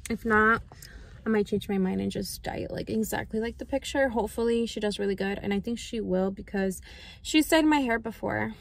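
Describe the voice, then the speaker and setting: Upbeat young woman with a creaky voice. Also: medium pitch, brisk. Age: young adult. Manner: upbeat and chatty. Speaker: vlogger. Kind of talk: casual vlog to camera.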